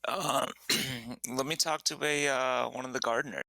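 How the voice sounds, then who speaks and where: A man's voice: mid-range voice, steady tone, measured pace, gravelly, bright, forceful tone, dry recording. A man playing a tabletop game, laid-back and casual. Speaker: player.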